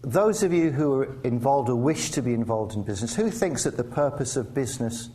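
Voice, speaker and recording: A man's voice: mid-range voice, animated, a little fast, mellow. A man from England giving a conversational public lecture with wry asides and frequent restarts. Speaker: guest speaker. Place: lecture theatre. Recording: faint background noise in a lecture hall.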